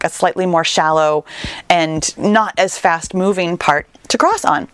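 A woman's voice: fairly low pitch, no room sound. A woman hosting a fitness podcast, telling a personal story in an earnest, encouraging way and speaking straight to her listeners. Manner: earnest, encouraging, with quick retellings.

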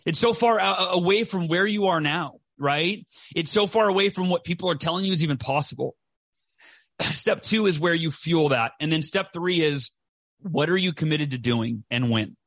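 A man's voice: high-pitched, fairly bright tone, no room sound. A man talking in an emphatic motivational way during a conversation, who often tags his points with "right?". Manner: emphatic, repeats "right?" often, quick bursts.

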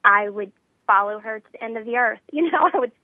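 A woman calls in over a thin, phone-like line that sounds dry and close. She is a pastor's wife chatting in a warm, effusive way, full of "you know" and laughter. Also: on the high side, lively intonation, brisk, dry recording. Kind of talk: casual interview chat. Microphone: phone call.

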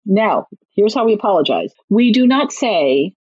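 A woman who wrote a parenting book, giving casual advice with lively delivery and acted-out quotes. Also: mid-range voice, normal speed, husky, no echo. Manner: lively, animated, acts out quoted lines. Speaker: parenting author guest. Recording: dull lo-fi, dry sound.

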